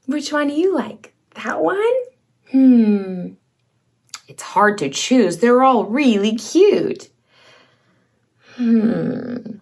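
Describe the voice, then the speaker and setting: A woman's voice: a little high, very animated, extremely slow, pauses often, a little mellow. A woman hosting a toddler learning video, reading aloud in an exaggerated sing-song voice, with gasps, cheers and animal sounds. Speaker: children's educational show host.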